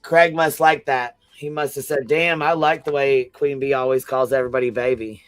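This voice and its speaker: Man, livestream host, mocking, profane, smooth clear voice, average pitch. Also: steady tone, normal speed, a bit bright. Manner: laughs often, mocking, swears freely.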